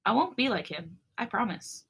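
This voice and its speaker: A woman reading as a gentle young male idol. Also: mid-range voice, sing-song, normal speed, creaky, slightly rough, full character voice. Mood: tender.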